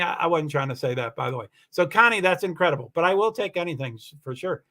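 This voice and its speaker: Casting note: high-pitched middle-aged male streamer, rambling, chatty, frequent restarts. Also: expressive, fast talker, hardly any pauses, bright, forceful tone. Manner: rambling, many restarts, laughs while telling stories. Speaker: livestream host reading chat comments. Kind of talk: casual livestream chat.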